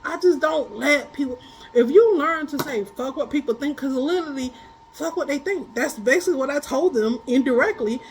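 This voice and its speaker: Woman, high voice, tarot reader, casual storyteller, quick to laugh, blunt and colloquial. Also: slight background noise, low-quality recording. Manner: animated, laughs often while telling stories. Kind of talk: casual spiritual chat.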